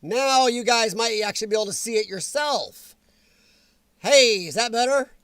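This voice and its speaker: A man hosting a casual live-stream chat from his computer, rambling and grumbling about a software update. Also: very high-pitched, moderate pace, smooth, no echo.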